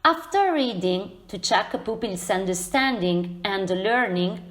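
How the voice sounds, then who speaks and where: Slow-reading Italian woman teacher. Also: mid-range voice. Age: young adult. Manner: slow, careful, sing-song storytelling. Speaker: trainee primary teacher. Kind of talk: reading a picture book aloud for a lesson.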